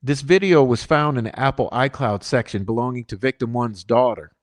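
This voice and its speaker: A man's voice: medium pitch, brisk. A man hosting a channel, reading court documents aloud and breaking in with emphatic asides. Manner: emphatic asides, rising when stressing points. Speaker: channel host.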